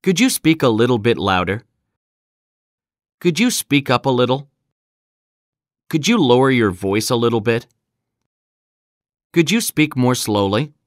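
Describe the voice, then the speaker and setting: A man reads practice sentences aloud at an unhurried, measured pace. His voice sits at a middle pitch. The recording is dry and close, made in a studio. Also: big pitch swings, no room sound. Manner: clear, deliberate delivery of example sentences. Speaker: English phrase reader. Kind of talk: scripted recorded phrase reading.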